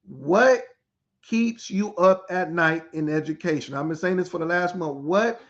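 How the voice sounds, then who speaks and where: Unhurried yet energetic, a middle-aged school turnaround specialist with a fairly high voice hosts a live podcast and welcomes viewers by name in turn. He repeats himself to fire up the crowd, over slightly dull, lo-fi audio.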